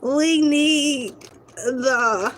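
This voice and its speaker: A woman, hosting a casual comic rant and joking, laughing and animated as she talks to viewers. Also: sits high, drawn-out words, a little hiss or hum. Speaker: host.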